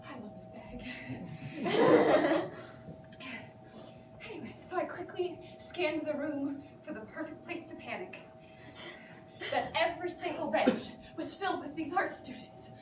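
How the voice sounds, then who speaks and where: A woman's voice: high-pitched, animated, unhurried, long pauses, music in the background. A young woman acting a rambling, neurotic patient who vents to her therapist in a theatrical comic monologue, giggling as she talks. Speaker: actor performing a monologue. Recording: echoey room, distant mic, background noise.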